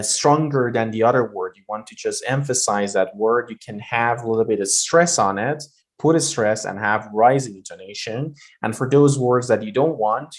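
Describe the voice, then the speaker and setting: A man with a mid-range voice teaches English pronunciation, explaining intonation in loose everyday talk full of fillers and spoken examples.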